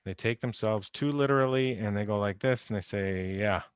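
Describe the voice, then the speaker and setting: A man's voice: fairly low pitch, fairly quick, clean tone, soft background music. A man teaching an online chemistry lecture in a conversational way, repeating key points and stressing warnings. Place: home or office on a video call. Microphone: computer microphone.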